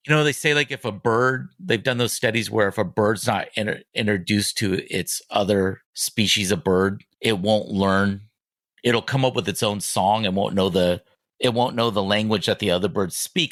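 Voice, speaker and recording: A man in his forties, a podcast guest, telling personal stories candidly with halting restarts and lots of filler words. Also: fairly low pitch, fairly bright tone, dry recording, clean studio sound. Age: 40s.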